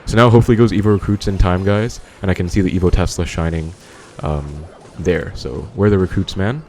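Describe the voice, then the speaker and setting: A man's voice: low voice, fairly quick, darkish tone, a little hiss or hum. A man giving casual live commentary on his own game, thinking aloud and talking to viewers as he plays. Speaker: gaming commentator.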